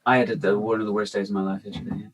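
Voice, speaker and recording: A man's voice: fairly low pitch, little pitch movement, racing, highs cut off. A man co-hosting a podcast, trading self-mocking jokes in casual chat. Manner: joking, self-mocking banter.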